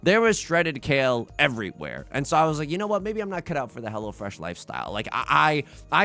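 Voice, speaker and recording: Chatty man with a lively, bouncing voice. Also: a little high, creaky. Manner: rambling storyteller, self-interrupting, laughs at his own stories. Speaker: let's play host. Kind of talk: casual gameplay commentary. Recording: faint music behind.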